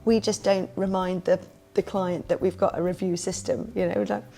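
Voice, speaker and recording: A woman who runs a kids party business, telling stories as a podcast guest in a lively way and acting out the voices she quotes. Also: on the low side, a little fast, creaky, slight background noise. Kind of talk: casual interview storytelling.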